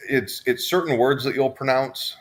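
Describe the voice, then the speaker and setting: A man's voice: medium pitch, moderate pace. A man from Southern California, co-hosting a podcast in casual chat, rambling with restarts and fillers. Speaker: podcast co-host.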